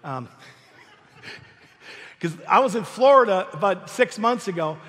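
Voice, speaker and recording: A middle-aged pastor with a notably high voice delivers a lively sermon. He punches key phrases loudly, then drops into quiet, conversational asides. His voice carries a long reverb, as in a large church hall. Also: slow. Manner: animated preaching, swings between loud emphasis and soft asides. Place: church sanctuary.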